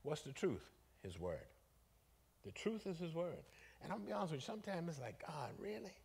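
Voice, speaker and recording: A man leading a Bible study as bishop, preaching in an animated, folksy way and calling out to the congregation. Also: fairly high pitch, brisk, creaky, breathy edge. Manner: animated, conversational, calls out to the congregation; colloquial, folksy phrasing.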